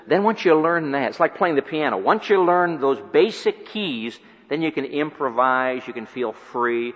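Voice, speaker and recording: A man preaching a sermon, swinging from loud emphatic peaks to quiet low asides. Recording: dull recording with long hall reverb.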